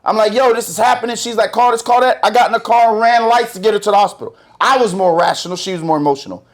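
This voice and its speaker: A man in his thirties holding forth on a podcast, emphatic and profane, lecturing in long rants. His voice sits a little higher than most men's. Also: quick pace. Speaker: podcast host. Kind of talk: casual podcast chat.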